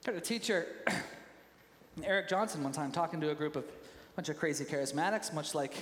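A man preaching a sermon as pastor, animated, and now and then acting out quoted voices in sudden loud bursts. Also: fairly high pitch, fairly quick, slight background noise. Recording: echoey hall with faint ambience.

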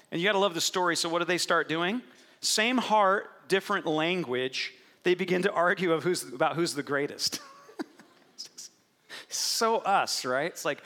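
A man preaching an Easter sermon to a congregation, animated and playful, telling the story with lively acted-out quotes. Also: fairly high pitch, moderate pace. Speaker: pastor. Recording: echoey hall with long reverb.

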